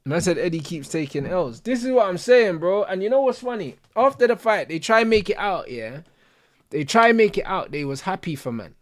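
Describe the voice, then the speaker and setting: Casting: young guy, higher voice, excitable slang-filled chatter, dry close mic. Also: fairly quick, no room sound. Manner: animated slang-heavy banter, laughing. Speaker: host of a football watch-along stream. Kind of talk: casual stream chat.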